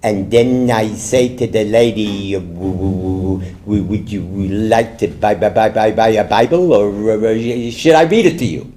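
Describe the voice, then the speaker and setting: A man's voice: on the low side, noisy background, pitched below the performer's own voice, lightly acted. A man voicing a stuttering middle-aged Bible salesman who trips over every word. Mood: stammering. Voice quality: heavy stutter, halting.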